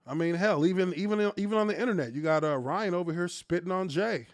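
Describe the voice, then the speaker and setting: A man's voice: sits high, fast, no room sound, studio quality. A man in his thirties, a former offensive lineman, hosting a casual live stream and telling stories with a lot of profanity and laughter.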